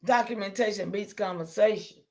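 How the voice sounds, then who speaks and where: A middle-aged woman, hosting a livestream and preaching to her viewers, excitable and calling out to them, breaking into shouts. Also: mid-range voice, a little fast. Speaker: livestream host. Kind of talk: impassioned livestream talk.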